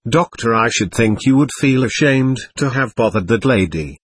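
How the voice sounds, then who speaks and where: A man voicing a patient doctor at a séance, talking in a measured, reasoning, admonishing way with a husky voice. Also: medium pitch, lively intonation, no echo.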